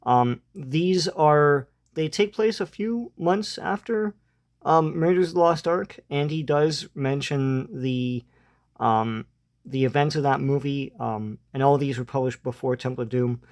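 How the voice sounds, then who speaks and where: A man casually retells a comic book plot in a slightly high voice. He hesitates often, filling gaps with ums and uhs, and chuckles now and then. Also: a little slow, darkish tone.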